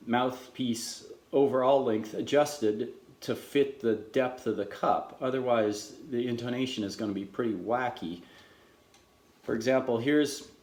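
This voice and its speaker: A middle-aged man giving a casual demonstration lesson as a trumpet mouthpiece maker, explaining in an unhurried way with frequent restarts. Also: mid-range voice, a little mellow. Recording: echoey room.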